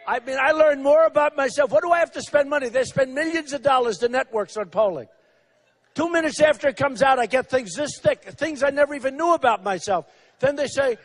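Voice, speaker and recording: Man, 60s, candidate at a rally; very high pitch, repetitive, mocking delivery with acted quotes. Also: fairly quick. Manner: acts out quotes of others. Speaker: political candidate. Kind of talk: campaign rally speech.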